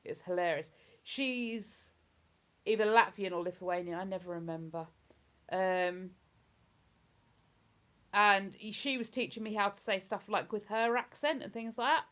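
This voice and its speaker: A woman's voice: mid-range voice, a little slow, long pauses, a bit bright. A woman with a London-area English accent hosting a casual live stream, chatting, rambling and reading out viewer comments. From England. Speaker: livestream host.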